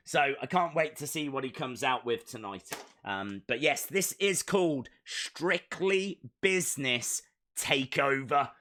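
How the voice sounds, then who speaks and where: Bright-voiced streamer chatting. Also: male voice, mid-range voice. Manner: rambling, jokey, answering chat comments. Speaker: live stream host. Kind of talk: casual live watch-along chat.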